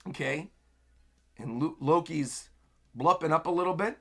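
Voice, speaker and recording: Excitable high-voiced man reacting live. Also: measured pace. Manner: excitable, breaks into stacked exclamations; narrates panels while reading aloud. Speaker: anime streamer. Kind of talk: live manga chapter reaction.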